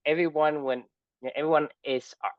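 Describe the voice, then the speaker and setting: Halting man from Vietnam, slightly lo-fi. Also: fairly high pitch, fairly even intonation, no room sound. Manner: halting, restarts sentences, warm and reflective. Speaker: podcast co-host. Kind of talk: casual chat.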